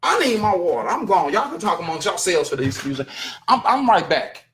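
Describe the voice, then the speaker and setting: A man with a high-pitched voice hosts his own casual stream and chats straight to his viewers. He rants bluntly and profanely, sounding thoroughly exasperated. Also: sing-song, brisk, a bit bright, a little hiss or hum. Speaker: show host reading chat. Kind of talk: casual live-stream commentary.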